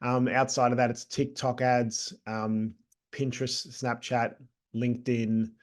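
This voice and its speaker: A middle-aged Australian man getting over a cold, a guest talking about his agency in a relaxed, chatty way with many ums. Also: medium pitch, unhurried. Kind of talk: casual interview talk.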